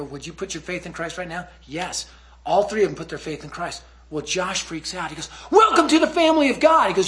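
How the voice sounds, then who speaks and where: Animated high-voiced male preacher. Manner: animated storyteller who acts out quotes. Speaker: youth ministry speaker. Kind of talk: storytelling sermon.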